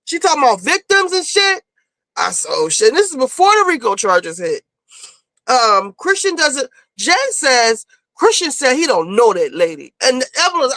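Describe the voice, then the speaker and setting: Sharp-toned woman recapping reality TV. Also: high-pitched, very animated, moderate pace, no echo, low-quality recording. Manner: chatty, off-the-cuff, loose with swearing. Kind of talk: casual, profane recap commentary.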